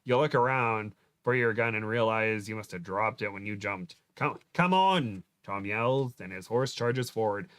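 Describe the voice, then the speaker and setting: A man's voice: fairly low pitch, fairly even intonation, normal speed, few pauses, a bit bright, clean tone, dry recording. A man hosting a show, reading a book aloud dramatically and breaking off for joking asides. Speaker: host. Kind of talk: comedic read-aloud of a book.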